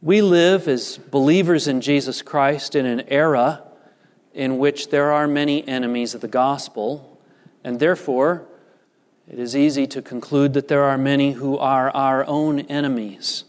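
A man preaching a sermon as a pastor, measured and deliberate, lifting his voice for emphasis. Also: mid-range voice, steady tone. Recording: long reverb of a large hall.

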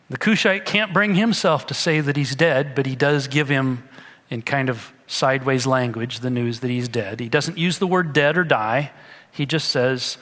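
A man's voice: a little high, unhurried, fairly bright tone, in a large hall. A man preaching a sermon, reading scripture aloud and then explaining it in an earnest, conversational way. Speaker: pastor.

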